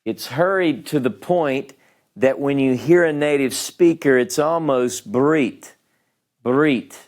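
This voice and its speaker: A Hebrew teacher with a mid-range, unhurried, slightly mellow voice leads a beginners' class, patiently explaining each step at the board and checking in with students during the lesson.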